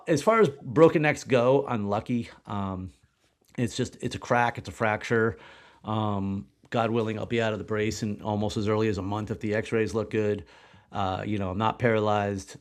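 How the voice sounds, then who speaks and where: A man's voice: fairly low pitch, steady tone, moderate pace. A man in his forties, a podcast guest, telling a personal story in a rambling, candid way, with the odd swear word. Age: 40s. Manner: rambling, swears when recounting shock.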